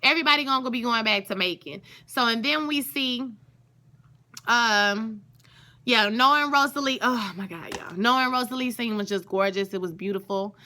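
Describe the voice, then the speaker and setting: A woman talks through a TV episode in a loose, chatty vlog. Her voice sits a little high and rings bright and forceful. She gushes freely and keeps turning to her viewers. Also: moderate pace. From Louisiana. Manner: chatty and gushing, often calls out to viewers. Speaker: TV show reviewer. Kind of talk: casual recap vlog.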